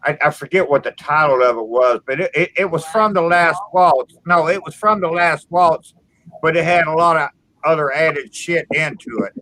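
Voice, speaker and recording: A man's voice: on the high side, pushed and bright, no echo, low-quality recording. A man hosting a casual group video chat, rambling and swearing with many restarts. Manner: profane, rambling, halting restarts.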